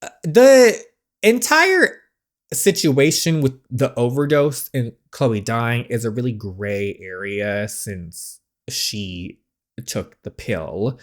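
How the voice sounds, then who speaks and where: A man hosting a gaming channel, giving casual commentary on a story game and talking back excitedly at the characters. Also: on the low side, slow pace.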